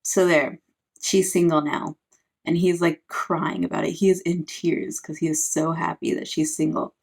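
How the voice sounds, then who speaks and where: A woman, a parent, giving a casual, sarcastic recap of a book, full of "like" fillers. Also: medium pitch. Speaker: book reviewer.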